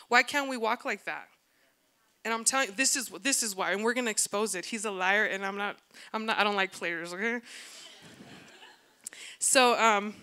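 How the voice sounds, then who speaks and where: A woman pastor giving a lively, conversational sermon, acting out little asides to the congregation. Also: mid-range voice. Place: church.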